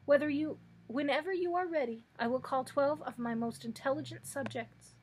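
A woman's voice: high-pitched, moderate pace, slight background noise, pitched above the performer's own voice, lightly acted. A woman voicing a tiny, demure female mouse queen, speaking graciously in a storybook reading.

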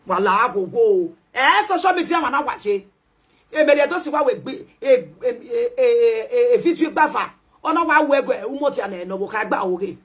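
A Nigerian woman ranting in a loud, animated, scolding way, switching between Pidgin and a local language. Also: fairly high pitch, slightly rough. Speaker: social media commentator. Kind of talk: ranting live video commentary.

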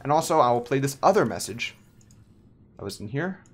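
A man giving casual, self-mocking let's play commentary while building in a game, animated and giggly. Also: medium pitch, a little fast, a little hiss or hum. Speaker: gameplay host.

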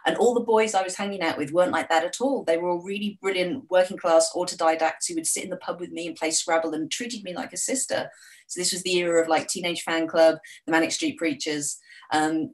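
A woman's voice: low voice, rough recording. Woman guest, chatty and self-mocking storyteller, easy casual interview talk. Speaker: author guest.

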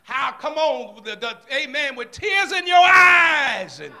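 High-voiced fervent preacher man, slow and bright. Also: lively intonation, very noisy. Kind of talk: sermon. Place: church during a service.

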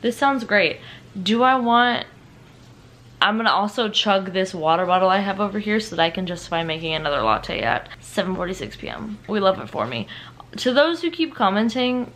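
A woman's voice: mid-range voice, lively intonation, moderate pace, fairly bright tone, a little hiss or hum. A young adult woman chatting casually at home in a rambling, self-mocking way as a book vlogger. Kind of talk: casual vlog chat. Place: home, indoors at night.

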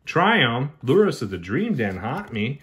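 A man hosting his own card-opening channel, chatting casually and excitedly with viewers, joking and calling them brother and man. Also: mid-range voice, measured pace, slight background noise. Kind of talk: casual unboxing commentary.

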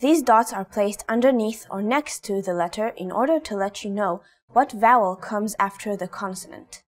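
Woman, language teacher, scripted lesson, careful enunciation, mid pitch. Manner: slow, carefully enunciated example sentences. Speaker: Hebrew teacher giving native examples.

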